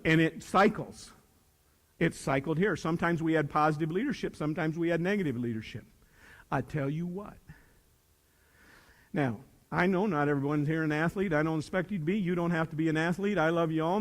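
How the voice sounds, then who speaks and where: A middle-aged man giving a folksy, joking motivational speech to a hall of students, asking the crowd questions. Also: a little high. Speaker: speaker at a student leadership academy. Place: large hall with a student audience. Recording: long hall reverb.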